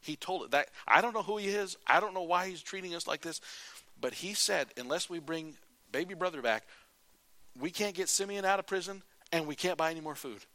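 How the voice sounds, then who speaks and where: A man preaching a sermon, retelling a Bible story in a lively way and acting out what the characters say. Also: high voice, a little fast, dry recording.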